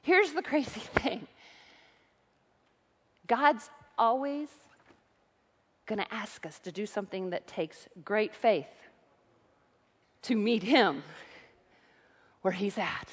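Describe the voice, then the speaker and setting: A middle-aged woman pastor delivering an animated sermon, telling stories between points. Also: mid-range voice, takes it slowly, long pauses, slightly rough. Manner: animated preaching with storytelling asides. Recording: long hall reverb.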